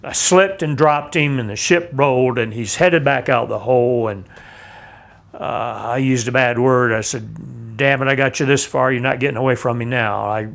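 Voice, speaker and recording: An older man, a navy veteran, telling a vivid personal account in a measured, plain-spoken way. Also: medium pitch, vocal fry, a bit bright. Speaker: navy veteran recounting his experience. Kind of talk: personal testimony.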